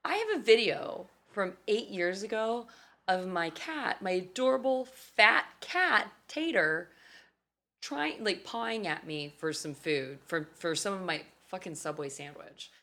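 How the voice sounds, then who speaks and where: A woman in her thirties co-hosting a podcast in casual chat, animated and swearing freely, often dropping into funny voices. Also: mid-range voice, measured pace. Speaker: podcast co-host.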